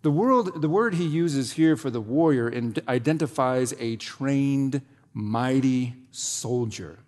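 A male pastor delivering a sermon with deliberate, dramatic pacing. He lets phrases hang and then sinks to a low, hushed tone. His voice rings out with a long reverb, as in a church sanctuary. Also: lively intonation. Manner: dramatic preaching with long pauses and sudden drops to a low quiet voice.

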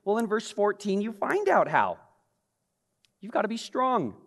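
A man preaching a sermon with passion, now and then dropping to a hushed intensity. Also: high-pitched, huge pitch swings, a little slow. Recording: long reverb of a large hall.

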